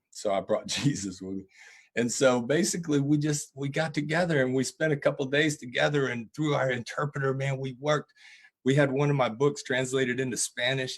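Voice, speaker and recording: A man, a preacher and guest, telling earnest stories in an interview answer. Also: mid-range voice. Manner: earnest, animated storytelling with laughs.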